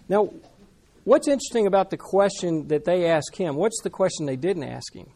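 A man preaching a sermon in a conversational, animated way, talking with the congregation. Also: high voice, a little fast. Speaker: pastor.

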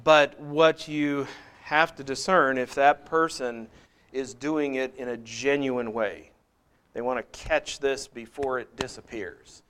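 A middle-aged man teaching a Bible study in a relaxed, conversational way. He doubles back on his words and adds asides, then reads scripture passages aloud with a rising, emphatic lift. His voice sits at an ordinary middle pitch for a man. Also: slow pace, smooth.

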